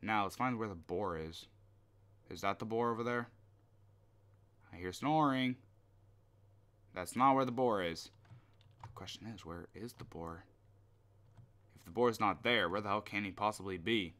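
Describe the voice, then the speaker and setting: A man's voice: on the low side, normal speed, long pauses, fairly bright tone. A young man commenting on a horror game as he plays, muttering to himself, swearing and getting jumpy at scares. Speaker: gameplay commentator.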